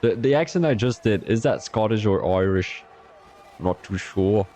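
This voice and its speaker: A man's voice: fairly low pitch, lively intonation, normal speed, dark tone. A young man from Belgium, giving chatty live-stream commentary on an online racing league and talking to his chat between calls.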